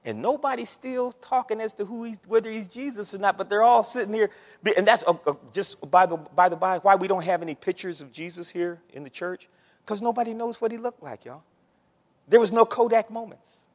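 A man's voice: high voice, brisk, in a large hall. A man preaching a sermon in a conversational way, calling out to the congregation. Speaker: pastor.

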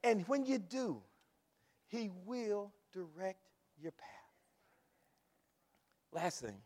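A man with a high, bright voice preaches, swinging between quiet storytelling and shouts of praise. His voice swoops widely in pitch and rings out through a church hall with a long echo. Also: very animated, very slow. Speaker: pastor. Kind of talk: sermon. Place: church sanctuary.

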